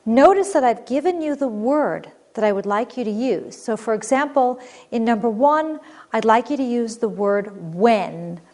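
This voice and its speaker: A woman teaching a recorded grammar lesson, explaining clearly and patiently. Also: on the high side, normal speed, darkish tone.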